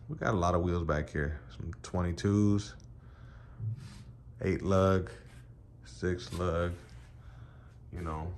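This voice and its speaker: A man's voice: deep voice, slight background noise. A man vlogging casually from his wheel shop, rambling and cursing with lots of fillers. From Puerto Rican heritage. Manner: laid-back, rambling, curses, many fillers like "you know". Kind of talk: casual vlog walkthrough.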